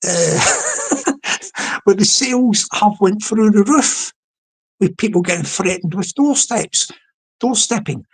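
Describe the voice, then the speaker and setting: A man's voice: high-pitched, expressive, slow pace, husky, rough recording. A Scottish man hosting a comedic livestream, chatting and rambling with frequent restarts. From Scotland. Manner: chatty, repeats words, many restarts. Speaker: livestream host. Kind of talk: rambling comedic live commentary.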